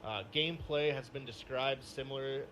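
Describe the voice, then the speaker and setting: A man co-hosting a gaming podcast, telling a story in casual chat, animated and swearing freely. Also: mid-range voice, normal speed, muffled recording, slight background noise. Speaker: podcast co-host.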